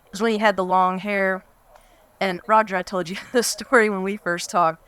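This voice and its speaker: A woman's voice: medium pitch, fairly even intonation, normal speed, fairly bright tone, clear, resonant tone. A woman in her fifties giving a fond, rambling reminiscence at a memorial gathering. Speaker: memorial speaker. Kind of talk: reminiscing speech.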